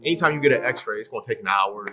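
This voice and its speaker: A man's voice: medium pitch, rapid-fire, over music. A man as a podcast guest telling a story in a casual way, acting out what others said and laughing often. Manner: animated, acts out the voices of people in his story.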